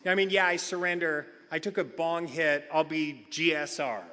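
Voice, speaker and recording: A man's voice: on the high side, fairly even intonation, normal speed, few pauses, pushed and bright. A middle-aged man telling a comedic personal story at a recovery meeting, acting out other people's lines. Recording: long hall reverb.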